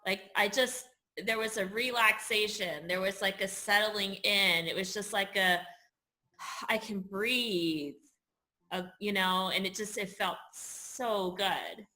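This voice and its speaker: A woman's voice: mid-range voice, steady tone, measured pace, hardly any pauses, bright, forceful tone. A woman co-hosting a casual chat, recalling an experience in an earnest, emotional way with frequent laughter. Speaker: podcast co-host.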